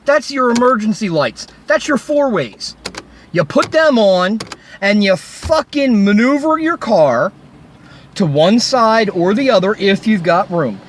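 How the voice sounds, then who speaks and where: A man's voice: sits high, very animated, measured pace, a little hiss or hum. A man ranting angrily into his phone by a road, swearing heavily and sarcastically. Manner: furious, heavy swearing, sarcastic. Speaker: vlogger. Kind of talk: angry roadside rant. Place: recorded while by a road.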